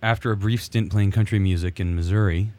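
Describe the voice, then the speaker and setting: A man in his fifties, a musician guest telling stories in a relaxed way, with many fillers. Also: on the low side, fairly quick, dry recording. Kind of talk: casual studio interview. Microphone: studio mic.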